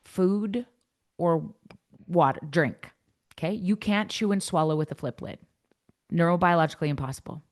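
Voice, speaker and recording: A woman coach giving a workshop talk to coaches and parents in a frank, blunt, energetic way. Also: fairly low pitch, moderate pace, long pauses. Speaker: youth coach and workshop presenter.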